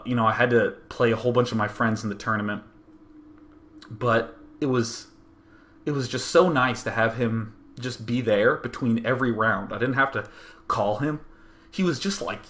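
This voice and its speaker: A young man telling a personal story to his stream audience in a casual, animated way, acting out what other people said. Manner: animated, acts out others' words with big jumps in pitch and volume. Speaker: show host.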